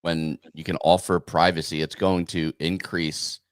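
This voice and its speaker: A man co-hosting a casual crypto podcast, giving relaxed, thoughtful commentary. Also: low-pitched, a little slow, no echo, clean studio sound. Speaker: podcast co-host.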